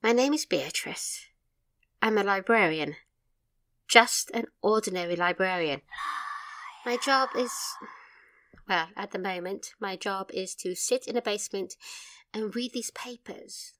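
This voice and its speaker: A woman's voice: medium pitch, unhurried, pauses often, natural voice. A woman playing an anxious haunted librarian. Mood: tense, hushed. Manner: hushed, anxious, pleading. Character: uneasy young woman librarian haunted by stories. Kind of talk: horror audio drama trailer.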